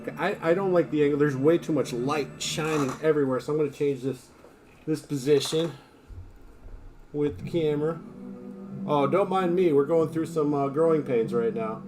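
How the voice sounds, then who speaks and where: A man's voice: a little high, moderate pace, over music. A man hosting a casual livestream, chatting in a rambling way with his viewers and his dogs. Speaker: livestream host.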